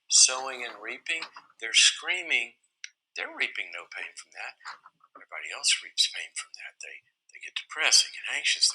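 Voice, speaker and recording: A middle-aged man gives a teaching talk peppered with personal stories. His voice is very bright, and his pitch swings in a lively way. He pushes hard on points, then drops into soft whispered asides. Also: poor audio. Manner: animated, shifts between loud emphasis and soft whispered asides. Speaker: speaker on boundaries and self-control.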